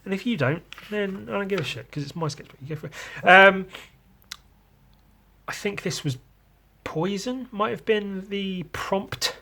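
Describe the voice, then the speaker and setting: A man's voice: high-pitched, measured pace, gravelly, pushed and bright. Crude joking male podcast host. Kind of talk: casual chat.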